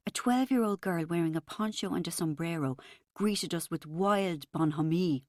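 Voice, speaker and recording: A woman reads an audiobook in the first person, wry and expressive. Her voice sits somewhat low. The recording is close and dry. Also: moderate pace, dry recording. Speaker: audiobook narrator.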